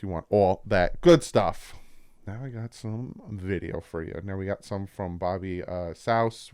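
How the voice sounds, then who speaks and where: A man with a New Jersey accent casually breaking down football practice clips as a channel host, explaining plays with excitement. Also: lowish voice, clean tone, no echo. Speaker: sports commentator.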